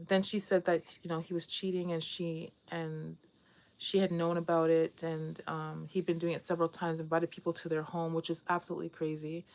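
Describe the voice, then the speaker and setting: A middle-aged woman chats casually to camera in a somewhat low voice. She talks candidly and rambles, often restarting her sentences as she works through her thoughts. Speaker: vlogger.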